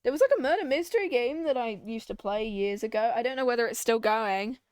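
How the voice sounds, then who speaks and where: A woman's voice: on the high side, lively intonation, fast talker, smooth, no echo, studio quality. A young woman streamer chatting casually while she plays a game, rambling, giggling and easily sidetracked. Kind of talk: casual let's-play chat.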